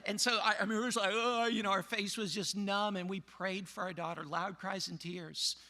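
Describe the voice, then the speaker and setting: Bright high-voiced man preaching a story. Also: fairly even intonation, normal speed. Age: middle-aged. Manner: storytelling, acting out quoted voices, drops low and quiet for sad parts. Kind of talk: sermon with personal story.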